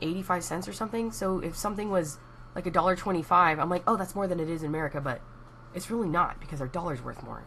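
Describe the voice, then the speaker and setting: A woman's voice: lowish voice, pushed and bright, slight background noise. Chatty Texan woman, rambling stream talk. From Texas. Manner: chatty and rambling, laughs at herself. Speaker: craft live streamer. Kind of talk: casual live stream chat.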